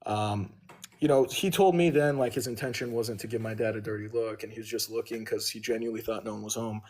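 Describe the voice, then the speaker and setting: A man's voice: lowish voice, steady tone, fast, a little mellow. A man on a livestream casually telling a long, profane story and owning his mistakes. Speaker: livestream host.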